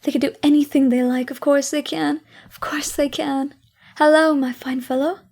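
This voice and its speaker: A woman's voice: high-pitched, flat delivery, moderate pace, a little mellow. Fervent old miser, as a woman reads him. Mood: jolly. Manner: fervent, exclaiming, breathless. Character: old miser man, overjoyed and repentant. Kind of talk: audiobook character reading.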